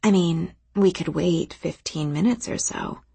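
A woman's voice: mid-range voice, moderate pace, breathy edge, dry recording, pitched above the performer's own voice, lightly acted. Woman reading as a bold, teasing young woman.

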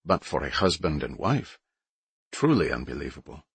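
A man reading a measured, formal woman. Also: extremely low pitch, very animated, gravelly, breathy edge, dry recording, exaggerated voice. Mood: wondering.

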